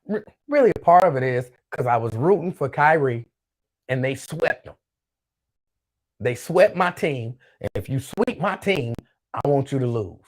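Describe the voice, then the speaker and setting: A man's voice: mid-range voice, expressive, unhurried. Man rambling casually as a show host. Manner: loose, rambling, repeats himself. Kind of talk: casual solo chat reading viewer comments.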